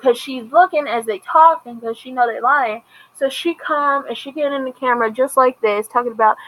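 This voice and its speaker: A woman with a fairly high voice recaps a TV episode in loose, casual commentary. She retells it chattily and slips into the characters' lines as she goes. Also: steady tone, normal speed, fairly bright tone, low-quality recording. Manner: chatty retelling with acted-out quotes. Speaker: TV episode reviewer.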